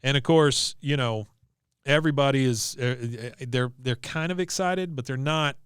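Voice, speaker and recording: A man's voice: medium pitch, normal speed, clear, resonant tone, dry recording, clean studio sound. A man co-hosting a podcast, recapping an episode in casual chat and acting out the characters' lines with lots of "uh". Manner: animated storyteller, acts out quotes, frequent "uh". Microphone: desk mic on video podcast.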